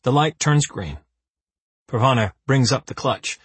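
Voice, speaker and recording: A man reading an audiobook with lively, dry comic timing. His delivery rises and falls a lot, with a slightly husky grain. The recording is close and dry. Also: medium pitch, unhurried, dry recording. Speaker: narrator. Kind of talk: audiobook narration.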